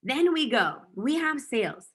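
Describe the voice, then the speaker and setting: A woman business coach giving an energetic motivational talk, emphatic and fond of repeating key phrases. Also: high-pitched, measured pace, slightly rough.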